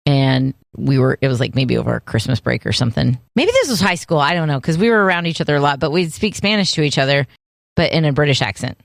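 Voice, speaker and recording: A woman co-hosting a podcast in casual chat, playful and animated, laughing often. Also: low-pitched, fast talker, gravelly, dry recording, clean studio sound. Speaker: podcast co-host.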